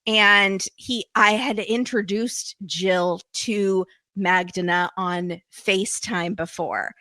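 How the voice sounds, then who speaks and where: A woman's voice: mid-range voice, steady tone, takes it slowly, pushed and bright, no room sound, studio quality. A woman hosting a podcast, chatting casually and retelling scenes with lots of "like" and "um". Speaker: podcast host. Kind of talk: casual recap chat.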